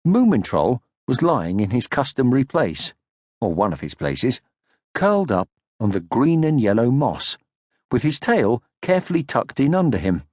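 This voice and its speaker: A man reading a children's storybook aloud in an expressive, gently paced way, close to the mic. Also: medium pitch, dry recording. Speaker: audiobook narrator. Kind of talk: scripted storybook narration. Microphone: close studio mic.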